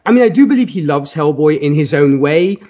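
A man hosting a podcast in casual chat, measured and hedging as he leads the discussion. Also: fairly high pitch, animated, mellow, dull audio. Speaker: podcast host.

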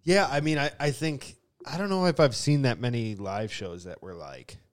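A man co-hosting a podcast in loose casual chat. His voice sits at a middle pitch, and his talk rambles along with fillers and the odd curse. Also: moderate pace. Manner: rambling, swearing, many fillers. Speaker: podcast co-host.

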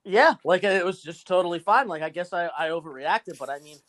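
A man's voice: high voice, brisk, a bit bright, no echo, rough recording. A man telling a rambling, profane story in casual chat, packing his talk with "like" and laughing often. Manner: fillers "like" constantly.

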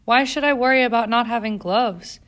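A woman's voice: fairly high pitch, moderate pace, a bit bright, pitched above the performer's own voice, close to an everyday voice. A woman doing a good-humored young immigrant girl. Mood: earnest.

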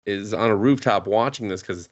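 A man with a somewhat low voice, chatting on a podcast. He rambles through a story, laughs often and slips into quick voices for the characters, swearing freely. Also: lo-fi sound. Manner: rambling, laughing, acting out characters' lines with profanity. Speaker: podcast co-host. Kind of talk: casual chat, recapping an anime.

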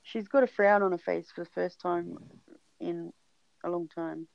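Australian woman co-host, gravelly low voice, deadpan, dull lo-fi recording. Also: unhurried, no room sound. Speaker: podcast co-host and musician. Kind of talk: casual chat. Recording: dull lo-fi sound.

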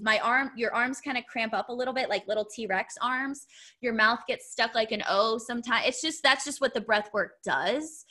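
A woman's voice: fairly high pitch, sharp tone. A woman telling a heartfelt personal story in casual conversation, rambling with many fillers and restarts. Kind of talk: casual podcast chat.

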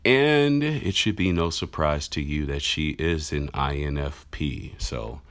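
A man leaving a halting voicemail for a podcast host, with pauses and ums. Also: extremely low pitch, a bit bright. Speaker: caller. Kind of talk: voicemail message.

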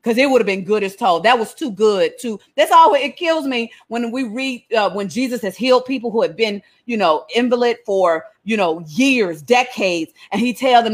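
A woman's voice: a little high, sing-song, moderate pace, hardly any pauses. A woman leading a Bible study in a casual, joking, colloquial way.

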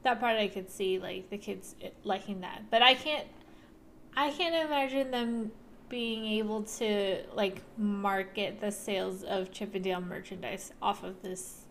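A woman's voice: mid-range voice, measured pace, a bit bright, slight background noise. A young woman co-hosting a podcast, chatting casually about a movie with frequent fillers and laughs. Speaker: podcast co-host. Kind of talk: casual chat.

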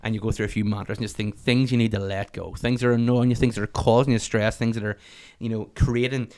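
A man in his thirties with a Northern Irish accent, chatting as a podcast guest, animated and swearing freely. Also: on the low side, clear, resonant tone. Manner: swears freely, animated storytelling, rapid talk. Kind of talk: casual interview chat.

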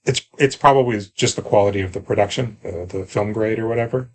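A man's voice: lowish voice, quick pace. A man co-hosting a podcast, chatting casually and wryly about a movie, often restarting his sentences. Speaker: podcast co-host. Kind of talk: casual movie review chat.

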